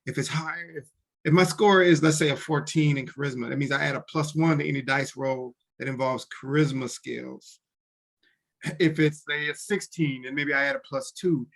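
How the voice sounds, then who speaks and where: A man with a slightly higher voice talks through tabletop game rules in relaxed conversation. He often restarts his sentences and slips into short acted lines for characters. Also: moderate pace, gravelly. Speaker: podcast co-host explaining tabletop games. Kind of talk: casual explanatory chat.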